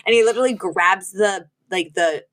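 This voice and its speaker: A woman in mid pitch co-hosts a podcast, running through the plot in loose, chatty talk. She laughs often and leans on "like" and "um" as she goes. Her delivery is quick and conversational. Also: a bit bright. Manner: chatty, laughing, full of filler words. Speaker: podcast co-host. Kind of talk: casual recap chat.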